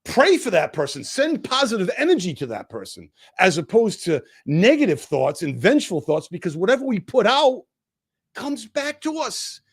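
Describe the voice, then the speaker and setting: In his fifties and a guest on a relaxed podcast, this man tells personal stories in a high-sitting, breathy voice at a moderate pace. His delivery is animated, with his voice rising and dropping sharply in big swings.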